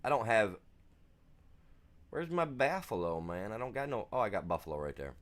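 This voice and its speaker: A man's voice: on the low side, big pitch swings, normal speed. A man streaming a farming game, chatting casually in a laid-back, rambling, slangy way. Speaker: gaming streamer. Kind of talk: casual chat while gaming.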